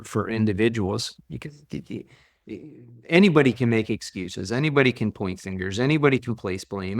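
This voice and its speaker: A man who works as a leadership coach, speaking as a podcast guest. He tells stories in an animated way and often repeats and restarts his words. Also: on the low side. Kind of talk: conversational interview storytelling.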